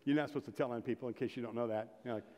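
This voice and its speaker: A man's voice: mid-range voice, fairly even intonation, very fast, mellow, slight background noise. A middle-aged man preaching a sermon as pastor, telling folksy stories and building to emphatic exhortation. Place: church sanctuary. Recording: long reverb of a church hall.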